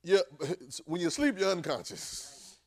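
A man teaching a class in a relaxed, talky sermon style, pitched a little high. He keeps checking in with his listeners and swings between quiet asides and loud outbursts. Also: takes it slowly, creaky. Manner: call-and-response, keeps asking "right?"; swings from low murmur to sudden loud bursts. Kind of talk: conversational sermon.

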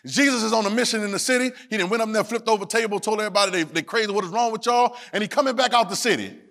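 A man preaching in a sermon, his voice pitched high for a man. He pulls the congregation in with call and response and drops into loose, casual church talk. His delivery swings from low asides to shouted, sung lines. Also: racing, gravelly. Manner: Southern Black church vernacular, drops verbs. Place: church sanctuary.

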